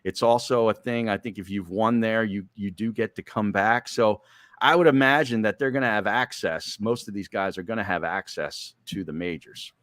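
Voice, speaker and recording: A man co-hosting a sports talk show, chatting in a relaxed, conversational way and telling stories. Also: fairly low pitch, normal speed, dry recording, clean studio sound. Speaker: co-host.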